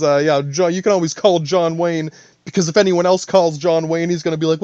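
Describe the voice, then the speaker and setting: A man's voice: fairly high pitch, fairly even intonation, fairly quick, a little mellow, dry recording, highs cut off. A man hosting a podcast alone, rambling in a profane, stream-of-thought monologue full of asides. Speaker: podcast host.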